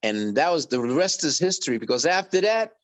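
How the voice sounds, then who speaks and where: A middle-aged man, a guest on an interview podcast telling animated stories and acting out quoted voices. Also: on the high side, fairly quick. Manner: lively anecdotes, acts out quoted voices. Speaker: guest musician.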